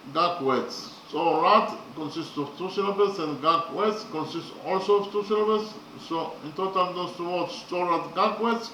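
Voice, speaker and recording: A man lecturing slowly and methodically, often pausing with fillers as he works through his points. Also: high voice, pushed and bright, a little hiss or hum. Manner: slow, methodical, hesitant with frequent fillers. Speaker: literature teacher. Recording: echoey room.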